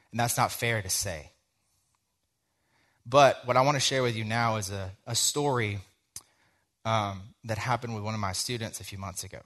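A man's voice: fairly low pitch, a bit bright. Conversational young man preaching. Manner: conversational, tells a story with quoted dialogue, frequent "like". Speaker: teacher giving a sermon. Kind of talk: sermon with personal story.

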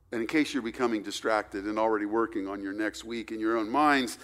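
A man preaching a sermon, swinging between loud, stressed points and hushed, quiet asides. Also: fairly low pitch, brisk, few pauses. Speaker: pastor. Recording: reverberant hall recording.

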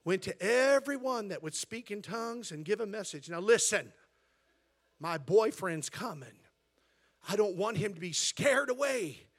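High, gravelly shouting American pastor. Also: male voice, animated, unhurried. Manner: builds from quiet storytelling to shouted preaching. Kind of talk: sermon. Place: church sanctuary.

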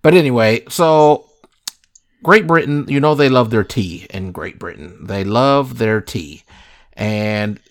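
A man's voice: medium pitch, animated, takes it slowly. A man hosting a casual comedic chat, joking in a mock-serious way and quizzing his co-host.

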